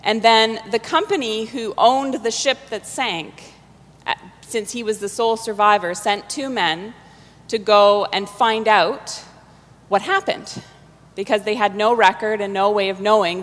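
A woman introduces a scene before reading it, relaxed and explanatory with a few fillers. Her pitch is mid-range for a woman. Each phrase hangs in a long hall reverb. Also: a little slow. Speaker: reader. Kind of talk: storytelling introduction.

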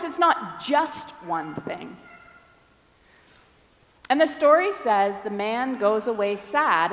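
A woman's voice: mid-range voice, a bit bright, echoey room, big-room sound, slight background noise. A woman giving a conversational sermon, briefly acting out the voices of the people in the story. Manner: conversational, acts out quoted voices. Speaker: preacher.

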